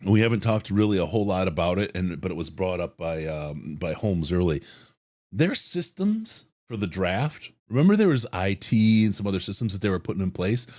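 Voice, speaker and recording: Lively, playful man hosting a sports podcast. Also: low-pitched, a little fast. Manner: playful, upbeat, jokey with frequent laughs. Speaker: podcast host. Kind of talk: casual sports podcast chat.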